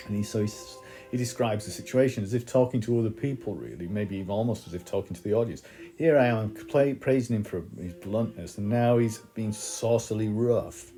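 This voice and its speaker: Low mellow-voiced male teacher. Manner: conversational, thinking aloud with fillers and restarts. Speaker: literature teacher. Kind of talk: explaining a play in a recorded lesson.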